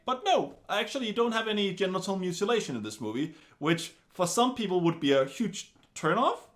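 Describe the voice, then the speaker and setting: A man giving a casual film review in an animated, wry way, full of chatty asides. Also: high voice, brisk, hardly any pauses.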